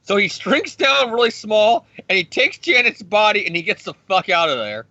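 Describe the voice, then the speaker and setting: A man co-hosting a podcast, recapping a comic book in a rambling, profane, excitable way. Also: high-pitched, moderate pace, no echo. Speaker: podcast co-host. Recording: dry, dull lo-fi sound.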